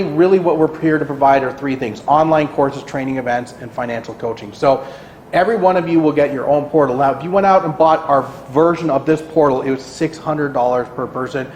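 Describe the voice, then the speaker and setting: A man giving an energetic motivational talk at an office meeting, often asking "right?" and acting out anxious clients in high, quick bursts. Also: slight background noise. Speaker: guest speaker at a realty kickoff meeting. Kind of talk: motivational presentation. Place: meeting room. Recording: echoey room.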